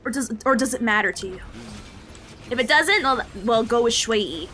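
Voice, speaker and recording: A woman live streaming a game, chatting casually with her viewers in an animated, playfully ranting and mock-scolding way. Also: on the high side, moderate pace, slight background noise. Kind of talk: casual gaming stream chat.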